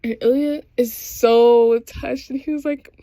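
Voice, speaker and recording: A woman chatting excitedly through a show recap, slangy and quick to laugh. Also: a little high, no echo. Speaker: vlogger.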